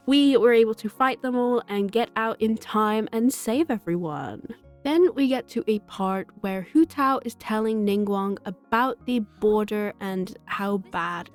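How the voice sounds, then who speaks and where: A woman's voice: mid-range voice, a little mellow. A young woman casually recapping a game's story as a gaming host, chatty and self-mocking, laughing often.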